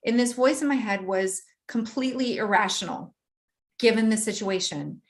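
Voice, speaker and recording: A woman guest in an interview, telling a personal story in a vivid, animated way and often laughing. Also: a little high, normal speed.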